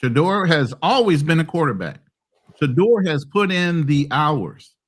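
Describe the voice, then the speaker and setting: A man's voice: fairly high pitch, lively intonation, a little slow. A man co-hosting a casual sports podcast over a call, giving his views emphatically. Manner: opinionated, emphatic. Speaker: podcast co-host.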